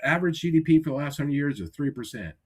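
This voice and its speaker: A man hosting a casual podcast over a remote call, talking in an energetic coaching tone with many restarts. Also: on the high side, fast, slightly rough. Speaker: podcast host. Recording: glitchy remote call audio.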